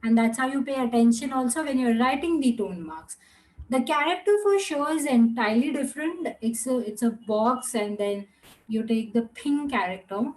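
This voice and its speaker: A woman's voice: on the high side, a little mellow, low-quality recording. A woman teaching a Mandarin lesson online, drawing out each word for students to repeat. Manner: slow, drawn-out model pronunciation with repeat-after-me drills; switches into Hindi and Gujarati asides.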